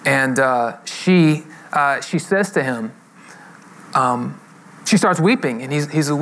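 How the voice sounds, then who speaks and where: A man preaching a sermon at a middle pitch. He tells a story and acts out each person's quoted lines. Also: a little slow, a bit bright. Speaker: pastor.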